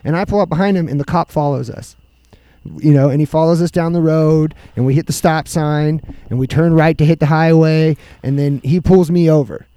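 Brief: casual profane storyteller, male, mellow tone, dry room. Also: on the high side, brisk, clean tone, no echo. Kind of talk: casual storytelling among friends.

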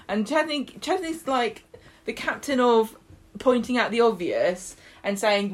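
A woman co-hosting a podcast, recapping a soap in casual chat, animated and laughing often as she acts out the characters' lines. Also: on the high side, moderate pace. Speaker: podcast co-host.

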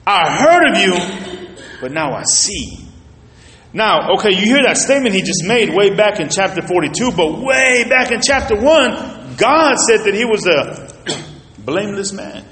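Colloquial preacher in an echoey hall. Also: male voice, high-pitched, very animated, measured pace, fairly bright tone. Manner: colloquial, storytelling, addresses the congregation directly. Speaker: pastor. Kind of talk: conversational sermon.

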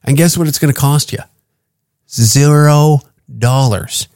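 A man's voice: fairly high pitch, a little slow, a little mellow, dry recording, clean studio sound. A man hosting a comedy podcast, brash and profane, joking in a mock-therapeutic tone. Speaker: podcast host. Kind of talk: casual comedy podcast rant.

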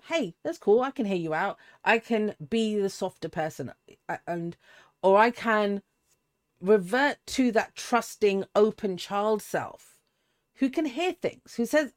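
A woman's voice: mid-range voice, expressive, a little slow. A woman, giving a casual, rambling tarot reading full of asides and restarts. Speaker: tarot reader.

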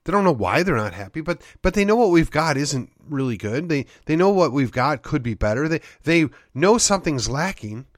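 A man's voice: fairly high pitch, big pitch swings, normal speed, hardly any pauses, no echo, studio quality. A man hosting a show, delivering an opinionated monologue full of rhetorical questions and needling sarcasm. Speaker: podcast host.

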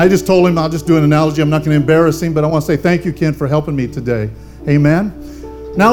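A man's voice: high-pitched, darkish tone. An older man, a pastor, preaching a fervent sermon and calling on the congregation for amens. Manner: fervent preaching with call-and-response.

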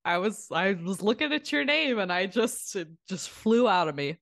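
A woman's voice: mid-range voice, moderate pace, gravelly, no echo. A woman co-hosting a podcast in casual chat, laughing often and teasing herself. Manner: laughs often, animated and self-mocking. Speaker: podcast co-host.

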